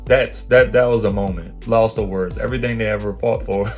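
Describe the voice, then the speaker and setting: A man's voice: fairly low pitch, fairly even intonation, brisk, a little mellow, soft background music. A man hosting a podcast, reacting to clips in casual, slangy commentary with laughing asides. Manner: slangy, laughing asides, calls listeners bro.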